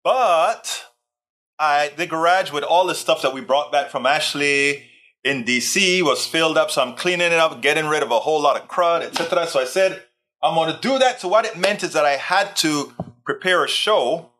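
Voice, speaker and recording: A man hosts a casual live stream in a bright, slightly high voice. He rambles from one thing to the next in a chatty way, reading out his viewers' comments as he goes. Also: moderate pace. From Texas. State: tired, sore back. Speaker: livestream host.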